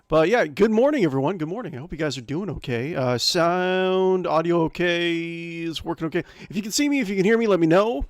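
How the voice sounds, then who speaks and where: A casual man hosting his own game live stream, his voice sitting a bit high for a man. He rambles and corrects himself mid-sentence, full of fillers. The sound is dry and close, with no room around it. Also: animated, a little fast, hardly any pauses, no room sound.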